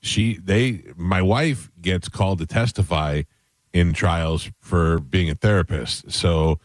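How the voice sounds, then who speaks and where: A man's voice: sits low, slow, dry recording. A man hosting a radio talk show, telling rambling, self-mocking stories in casual banter into a studio mic.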